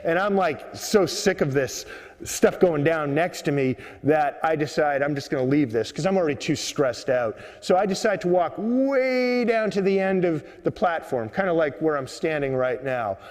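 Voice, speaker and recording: Guy rambling through a story on a subway platform, kinda high voice, big echo. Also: moderate pace. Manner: rambling, many uh fillers, relaxed. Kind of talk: live storytelling monologue. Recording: echoey underground platform.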